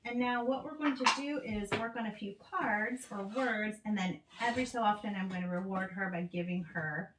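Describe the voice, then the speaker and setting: A woman reading a picture book aloud and running a speech lesson for a child, talking clearly and praising often. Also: mid-range voice, moderate pace, few pauses, fairly bright tone, a little hiss or hum. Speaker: speech teacher. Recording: echoey room.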